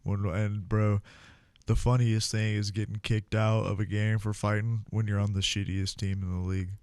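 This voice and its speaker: Brief: young american guy, low voice, dry close sound, rambling salty storyteller. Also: level tone, normal speed, darkish tone, clean tone, no room sound. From United States. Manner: laid-back, profane, filler-heavy. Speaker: podcast guest, former Marine. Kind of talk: casual storytelling.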